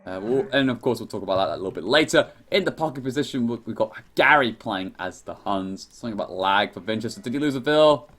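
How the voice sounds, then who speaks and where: A man's voice: lowish voice, fast talker, few pauses, fairly bright tone, slightly rough. A young man giving rambling, chatty live commentary on a strategy game, often correcting himself.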